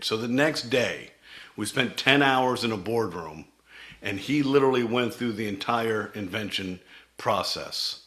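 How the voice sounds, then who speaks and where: Man, middle-aged, company CEO, bright tense tone, dramatic storytelling presentation. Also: fairly low pitch, lively intonation, a little slow. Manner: dramatic, vivid delivery that acts out quoted dialogue.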